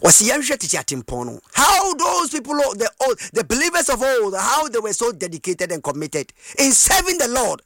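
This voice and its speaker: A man preaching a sermon, passionate, rising from plain speech into shouted and sing-song phrases. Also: very high-pitched, wildly swooping pitch, moderate pace, few pauses, no room sound. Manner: impassioned, switching between shouting and sing-song cadence.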